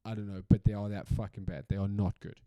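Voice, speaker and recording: A man's voice: fairly low pitch, flat delivery, fast talker, no echo, dull audio. Profane South African man ranting. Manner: profane, rambling, emphatic, repeats himself. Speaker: podcast host. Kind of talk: casual solo podcast rant.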